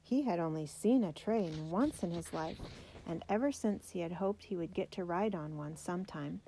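A woman reading a children's biography aloud in a measured, steady way. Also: lowish voice, creaky, a little hiss or hum. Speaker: narrator.

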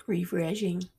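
A woman's voice: fairly low pitch, husky. A young adult woman hosting a podcast, telling a personal story in a casual, slangy and profane way, with lots of "like" fillers. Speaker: podcast host.

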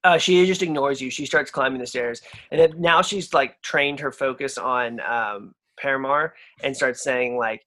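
A man's voice: mid-range voice, normal speed, few pauses, pushed and bright. A young man narrating as game master, loose and rambling with many fillers.

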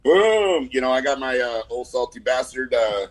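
A man's voice: mid-range voice, lively intonation, normal speed, low-quality recording. A man from California's San Fernando Valley with a Southern Californian accent, giving a rambling, laid-back sales update on a video call, full of fillers and "man". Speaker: insurance agent giving a weekly report.

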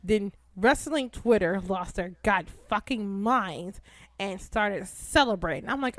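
A young woman hosting a casual podcast, swearing freely and bursting into loud, excitable outbursts. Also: mid-range voice, slow, no echo. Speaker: podcast host.

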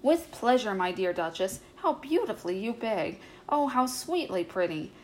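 A woman's voice: mid-range voice, lively intonation, normal speed, darkish tone, a little hiss or hum, close to an everyday voice, poor audio. A woman voicing a prim, proper female cat hostess in a children's story, in a polite and disapproving way.

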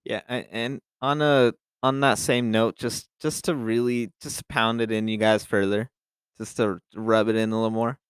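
A young man co-hosts a football podcast in a loose, profane chat style, often restarting his sentences. His voice is smooth and clear. It sounds close and dry, with no room sound. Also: lowish voice, flat delivery, normal speed, dry recording. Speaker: podcast co-host. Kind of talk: casual sports chat.

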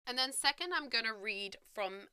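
A woman teaching English to learners, reading a play and a novel aloud and explaining the words clearly and patiently. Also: on the high side, expressive, moderate pace, sharp tone, no echo. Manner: clear and patient, with light laughs.

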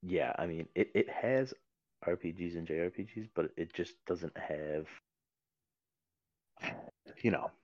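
A man's voice: deep voice, a little slow, long pauses, darkish tone, no room sound, dull audio. A man talking casually about video games on a podcast, rambling with many fillers and restarts. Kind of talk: casual chat.

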